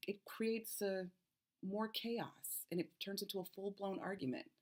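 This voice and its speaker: A woman's voice: medium pitch, steady tone, a little slow. A woman health coach in her thirties, explaining advice to camera and checking in with the viewer with a frequent "okay?".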